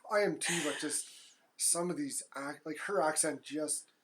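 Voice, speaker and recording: Woman, deep voice, podcast co-host, blunt, swears, casual chat. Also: moderate pace.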